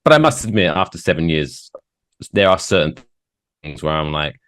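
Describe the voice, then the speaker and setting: A man's voice: a bass voice, normal speed, no room sound, studio quality. A man with a British accent, a guest on a podcast, chatting casually and telling grumbling stories with plenty of energy. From United Kingdom. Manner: animated, grumbling storyteller. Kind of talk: casual chat.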